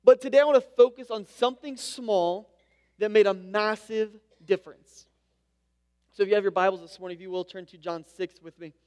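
High-voiced man preaching in a hall. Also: brisk, a little mellow. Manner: conversational preaching with casual asides. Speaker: pastor. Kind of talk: sermon. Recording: long hall reverb.

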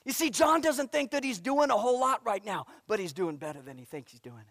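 A man's voice: high voice, lively intonation, a little fast, fairly bright tone, no room sound, studio quality, in a large hall. A male pastor preaching a sermon with emphasis, coming back again and again to a refrain. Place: church sanctuary.

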